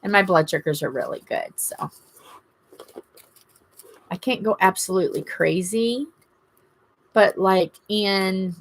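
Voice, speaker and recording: A woman's voice: medium pitch, takes it slowly, long pauses. A middle-aged woman with a Southern US accent, hosting a casual livestream and chatting in a rambling, gushing way with her viewers. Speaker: livestream host. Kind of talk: casual live-stream chat to viewers.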